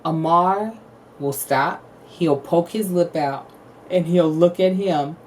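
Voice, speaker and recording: Lively woman telling family stories. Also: lowish voice, takes it slowly, distant mic, a little hiss or hum. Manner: animated storytelling, acts out quotes, laughs often. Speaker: podcast co-host. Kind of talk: casual chat.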